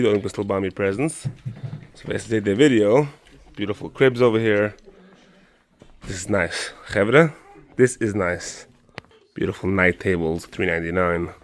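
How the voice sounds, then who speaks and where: A man's voice: fairly low pitch, normal speed, pauses often. A man, walking through a furniture showroom and eagerly praising the sofas and prices for a promotional video. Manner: enthusiastic, repeats "beautiful", mixes in Yiddish words. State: out of breath on the stairs. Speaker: show host doing a store promotion. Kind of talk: walkthrough sales pitch.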